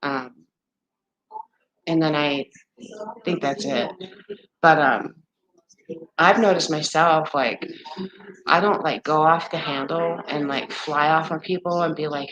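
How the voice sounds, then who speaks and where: A woman's voice: low voice, fairly even intonation, slow, long pauses, crowd noise, poor audio. A woman in her forties hosting a live stream, talking candidly and ramblingly with viewers and swearing freely. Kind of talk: casual chat with viewers.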